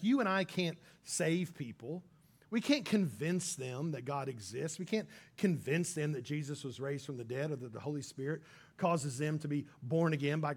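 Preaching in a relaxed, conversational way, this pastor has a fairly high voice for a man with a breathy edge. He stays casual and animated, mimicking the people he quotes in quick little voices.

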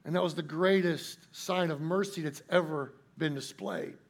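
A man preaching a sermon in a folksy, emphatic way, slowing down to stress key points. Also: on the high side. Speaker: pastor.

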